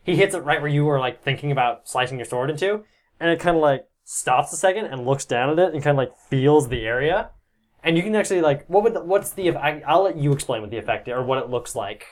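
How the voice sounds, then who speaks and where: A man's voice: a little high, expressive, fast. A man narrating as game master, casual and joking, swearing now and then and laughing along with the players.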